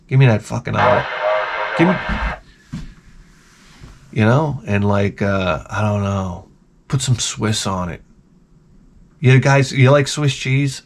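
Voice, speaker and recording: A man hosting his channel, telling comedic stories in an animated, profane, exaggerated way. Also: mid-range voice, a little hiss or hum. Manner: animated, profane, exaggerated, jumps into quoted voices. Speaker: channel host. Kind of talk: casual comedic storytelling rant.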